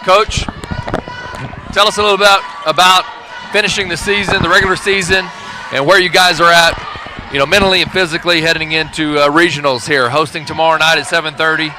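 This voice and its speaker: A man, announcing a high school basketball webcast and interviewing a coach, eager and quick to agree. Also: noisy background. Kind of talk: play-by-play and interview hosting. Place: gym during a game.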